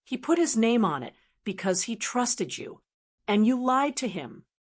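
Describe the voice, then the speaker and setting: A woman voicing an angry grown son who confronts his in-laws, speaking with quiet bitterness that turns into raised accusation. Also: very high voice, very animated, measured pace, full character voice. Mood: bitter anger.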